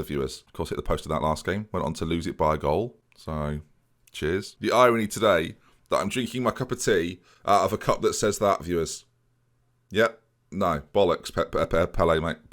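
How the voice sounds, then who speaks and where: A man's voice: on the low side, fairly bright tone. A young man hosting a gaming video, giving casual let's-play commentary in a sardonic, self-mocking way and talking straight to his viewers.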